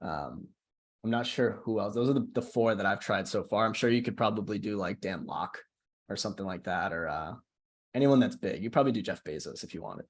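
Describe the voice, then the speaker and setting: A man's voice: fairly low pitch, fairly quick. A young man casually walking a group call through a screen-share tutorial, often checking in with "right?". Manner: casual, chatty, keeps asking "right?". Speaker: social media coach.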